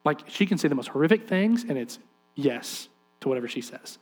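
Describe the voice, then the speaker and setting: A man preaching, telling a family story with lively acted-out quotes and direct appeals to the listeners. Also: a little high, a little fast. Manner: animated storyteller acting out quoted voices. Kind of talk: sermon storytelling.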